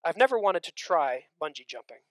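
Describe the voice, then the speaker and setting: A man preaching a sermon, swinging between loud emphatic stretches and hushed near-whispers, with conversational asides to the congregation. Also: a little high, big pitch swings, fairly quick, no echo.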